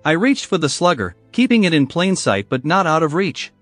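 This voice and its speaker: A man narrating a first-person story in a scripted, measured storytelling manner. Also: on the high side, very animated, a bit bright, no room sound, faint music behind.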